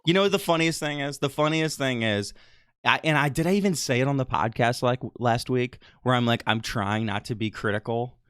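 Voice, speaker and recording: A man's voice: medium pitch, a little fast, fairly bright tone, clear, resonant tone, no room sound, clean studio sound. A man co-hosting a casual wrestling podcast, opinionated and ranting. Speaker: podcast co-host.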